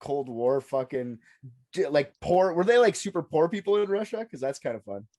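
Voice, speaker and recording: A man's voice: a little high, expressive, normal speed, warm tone, no room sound. A man on a casual podcast, rambling in a loose, jokey way.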